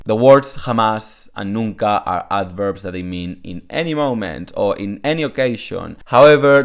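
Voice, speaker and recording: Deep-voiced man teaching casually. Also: gravelly. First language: Spanish. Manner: chatty, many fillers, switches between Spanish and English. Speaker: Spanish teacher. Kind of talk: casual explanatory lesson.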